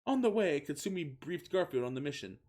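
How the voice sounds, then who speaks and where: A man doing a comedic reading of fan fiction, keeping a flat voice and often breaking into laughter. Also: on the high side, a little fast.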